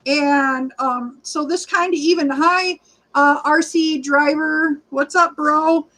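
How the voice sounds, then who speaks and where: High, bright-pitched woman in her forties, rambling livestream host who greets chat by name and sometimes runs short of breath. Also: steady tone, slow pace, low-quality recording. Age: 40s. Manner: rambling, chatty, greets viewers by name, frequent fillers. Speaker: livestreaming rideshare vlogger. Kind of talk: casual livestream chat reading comments.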